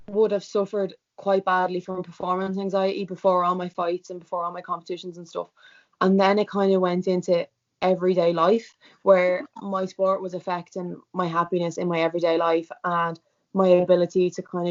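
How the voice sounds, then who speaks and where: A young woman with an Irish accent, a student guest telling her own story in a candid interview, talking fast with lots of "like". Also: on the low side. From Ireland. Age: young adult. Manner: fast, emotional storytelling with many "like"s. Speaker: student guest, former karate competitor. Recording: dull lo-fi sound.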